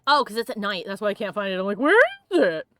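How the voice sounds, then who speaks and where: A woman hosting a let's play, chatting and giggling excitably as she plays a video game. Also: medium pitch, rapid-fire, clear, resonant tone, no echo, faint music behind. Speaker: host.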